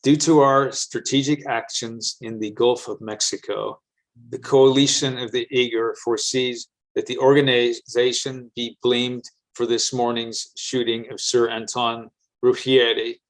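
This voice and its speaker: A man's voice: medium pitch, little pitch movement, a little slow, close to an everyday voice, poor audio. A man voicing a formal, stern statement from a militant group in a story. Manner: formal, declaiming.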